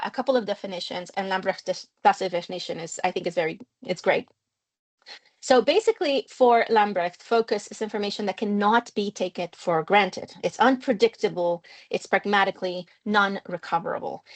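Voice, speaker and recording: A middle-aged woman from Mexico who speaks English as her second language gives a seminar lecture. She explains clearly and engagingly, often drawing on personal stories. The talk comes through a video call. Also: mid-range voice. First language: Spanish. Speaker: linguistics researcher giving a seminar talk. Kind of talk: academic lecture.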